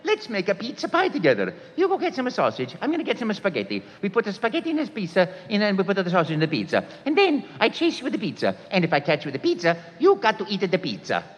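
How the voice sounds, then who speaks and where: Mario, a bouncy high Italian plumber. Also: male voice, wildly swooping pitch, quick pace, few pauses, exaggerated voice. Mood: joyful. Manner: playful, rambling, food-obsessed. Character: cheerful young Italian plumber man, joyful. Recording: echoey hall, dull sound.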